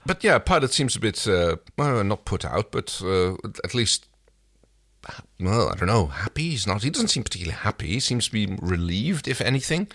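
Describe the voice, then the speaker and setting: Low-voiced hesitant man. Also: sing-song, normal speed, a bit bright. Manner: hesitant, thinks aloud with many fillers. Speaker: podcast co-host. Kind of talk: casual chat about a TV episode.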